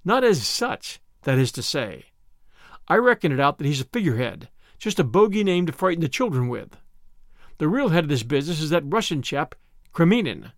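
A man's voice: a little high, very animated, brisk, no echo. Guy doing a brash young american, american accent, emphatic, dry close sound. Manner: emphatic, derisive, folksy phrasing.

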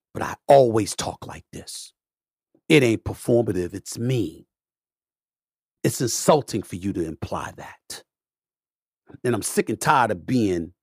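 A middle-aged man holds forth on his own podcast, his voice close and dry. He talks in an emphatic, repeating rhythm like a preacher, dropping to a low mutter and then climbing into loud, cussing outbursts. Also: slightly rough, no echo. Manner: profane, repetitive, preacher-like cadence. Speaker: podcast host. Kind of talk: opinionated monologue.

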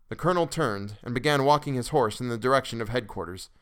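A man narrating a classic story for a podcast in a measured way, with occasional restarts. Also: mid-range voice, fairly bright tone, clean tone.

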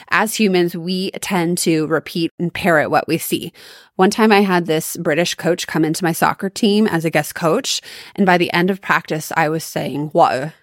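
A woman's voice: fairly low pitch, no echo. Upbeat woman podcast host, dry close sound. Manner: upbeat, emphatic, coaching tone. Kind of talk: solo podcast coaching talk.

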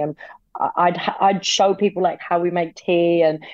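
A woman's voice: lowish voice, steady tone, a little fast, no echo, phone-quality sound. An English woman guest chatting casually, peppering her talk with "like" and the odd swear word. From England. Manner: chatty, lots of "like" fillers and swearing. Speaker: podcast guest. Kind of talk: casual chat.

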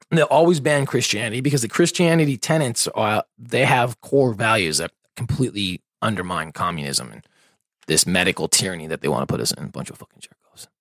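A man's voice: mid-range voice, no echo, clean studio sound. A man hosting a podcast, ranting with constant swearing and sarcasm. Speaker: podcast host. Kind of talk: profane ranting commentary.

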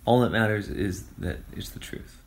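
A man with a very deep voice gives his partner advice. He speaks calmly and in a measured way, and he is steady and reassuring throughout. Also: creaky, a little hiss or hum.

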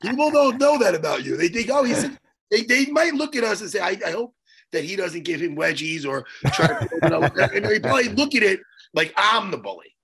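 A man co-hosting a podcast over a video call, talking animatedly and teasing, with loud bursts now and then. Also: high voice, sing-song, a little fast, slightly rough. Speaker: podcast co-host. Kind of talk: casual chat.

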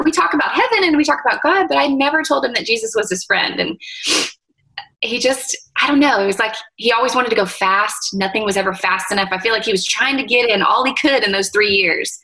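A woman in her thirties, an interview guest and mother, speaking softly and reflectively with many pauses. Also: on the high side, vocal fry, low-quality recording. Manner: soft-spoken, tender, reflective with pauses and fillers. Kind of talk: emotional interview conversation.

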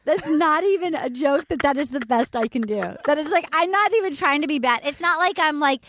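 A woman co-hosting a casual chat, animated and joking, poking fun at herself. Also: high-pitched, fairly quick. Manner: animated, joking, self-mocking. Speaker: podcast co-host.

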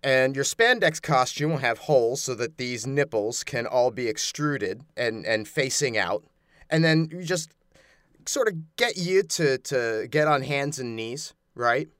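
Deadpan comedian guy, matter-of-fact, bright tone, no room echo. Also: medium pitch, unhurried, clean tone, studio quality. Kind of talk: improvised comedy banter.

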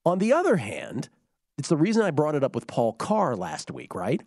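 Hoarse man co-hosting a chat. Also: a little high, big pitch swings, normal speed, a little mellow, no room sound, studio quality. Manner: conversational, self-interrupting, explains background. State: hoarse, voice giving out. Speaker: podcast co-host. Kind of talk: casual sports chat.

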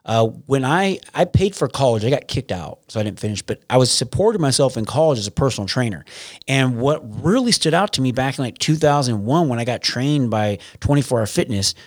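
A man's voice: medium pitch, expressive, a little fast, no echo. Rambling man in a dry close recording. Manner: rambling, with frequent restarts and profanity. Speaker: podcast guest. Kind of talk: casual conversational interview.

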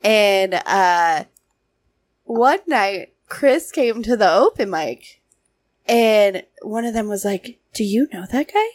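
A woman's voice: mid-range voice, expressive, slow, no echo. A woman, a comedian visiting as a guest, chatting and telling stories in a casual talk. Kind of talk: casual chat.

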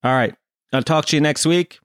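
A man's voice: on the high side, fairly quick, fairly bright tone, smooth, no echo, studio quality. An Irish man from Kerry hosting a podcast, telling a comic story in a profane, self-deprecating way. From Kerry, Ireland. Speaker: podcast host.

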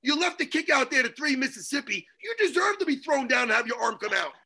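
A man with a very high, bright voice goes off in heated sports talk. His sound is husky and edged, and he keeps swinging his pitch up and down. He rants theatrically and bursts into shouting. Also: lively intonation, fast talker.

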